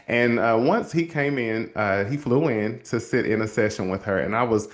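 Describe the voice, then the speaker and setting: A man hosts a motivational talk and tells a long, heartfelt story about a client. He acts out the people in it, jumping up in pitch for their lines, and speaks to listeners as y'all in a casual, warm-hearted way. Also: moderate pace. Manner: animated storyteller, acts out quoted voices. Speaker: host and counselor.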